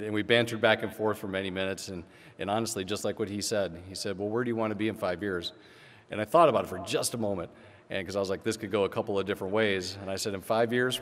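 Middle-aged man, lowish voice, speech at a podium, storytelling, long hall reverb. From Midwest United States. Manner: storytelling with quoted dialogue, animated. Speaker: Hall of Fame inductee giving a speech. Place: large hall on stage.

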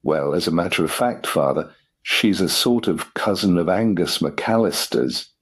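A man's voice: deep voice, expressive, a little slow, husky, heavily acted. A man reading an audiobook voices a cheerful, sheepish young aristocrat who talks in a hesitant, bumbling way.

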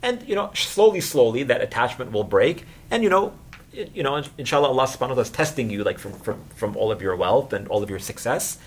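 A man's voice: medium pitch, animated, quick pace, slight background noise. A man in his thirties giving an informal sermon, telling stories in a conversational way with many fillers and quoted dialogue. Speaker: religious scholar and chaplain.

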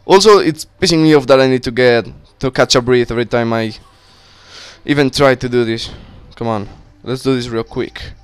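Excitable young man cursing through gameplay. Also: mid-range voice, normal speed, clean tone, dry recording, faint music behind. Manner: cursing, excitable, talks to himself. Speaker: gaming YouTuber. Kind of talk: casual let's play commentary.

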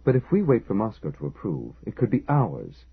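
A man's voice: on the low side, wildly swooping pitch, normal speed, vocal fry, husky, heavily acted. A man voicing an insistent, worried male engineer who presses his warnings urgently. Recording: lo-fi phone-like audio.

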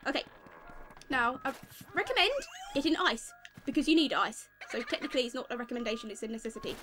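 A young British woman giving fast, excitable let's-play commentary with melodramatic outbursts, game music behind. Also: on the high side. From Britain. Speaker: gaming YouTuber.

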